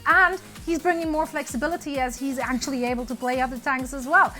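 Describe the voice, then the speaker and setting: A woman's voice: sits high, steady tone, brisk, bright, forceful tone, soft background music. A woman hosting an esports show, upbeat and joking. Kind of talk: playful scripted hosting.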